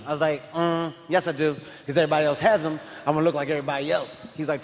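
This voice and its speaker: Man, stand-up comic, loud and animated, fairly high voice, big reverberant hall. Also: fast talker, a little hiss or hum. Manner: loud, animated storytelling with frequent shouting. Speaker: stand-up comedian. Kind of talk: stand-up comedy. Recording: live hall reverb, faint crowd ambience.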